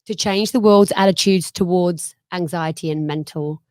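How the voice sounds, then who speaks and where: A woman hosting an interview in a studio, excitable and bubbly as she introduces her guest. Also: fairly low pitch, normal speed, dry recording. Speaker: host.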